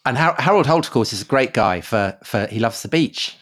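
A man's voice: medium pitch, expressive, fairly bright tone. Man co-hosting, prompting with questions. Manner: prompting, quick interjections and questions. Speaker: podcast co-host. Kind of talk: conversational history podcast.

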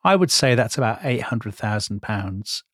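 A man co-hosting a casual history podcast, teasing and anecdotal, full of quick asides. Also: fairly low pitch, expressive, a bit bright, no echo, studio quality. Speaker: podcast co-host.

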